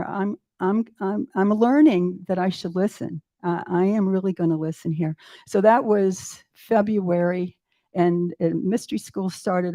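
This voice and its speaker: Warm-voiced woman in her eighties. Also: mid-range voice. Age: 80s. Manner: animated storytelling, acting out her own inner voices with laughs. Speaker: interview guest. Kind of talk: storytelling in a live interview.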